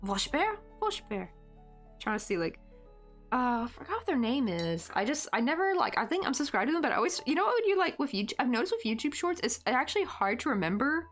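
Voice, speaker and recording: A woman's voice: high-pitched, sing-song, quick pace, soft background music. A woman in her late twenties chatting casually on a crochet live stream. She rambles and thinks aloud, full of fillers and little chuckles, at home. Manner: chuckles often. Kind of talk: casual chat.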